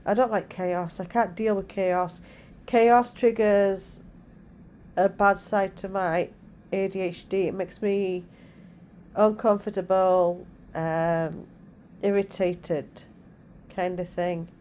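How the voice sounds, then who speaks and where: Middle-aged woman vlogger, easygoing home chat, soft soothing delivery, faint noise in the background. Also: mid-range voice, slow pace. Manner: calm, soothing way of talking. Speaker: vlogger and mother. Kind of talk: casual chat vlog.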